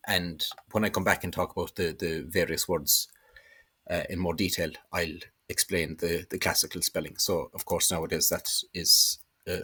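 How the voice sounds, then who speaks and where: Husky low-voiced man teaching. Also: a bit bright. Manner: hesitant, many fillers, pronounces Irish words with emphasis. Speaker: Irish language teacher. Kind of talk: explanatory lesson.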